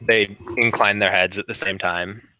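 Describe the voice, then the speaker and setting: A man running a tabletop game, briskly narrating scenes and voicing side characters. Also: lowish voice, steady tone, pushed and bright, a little hiss or hum. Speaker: game master.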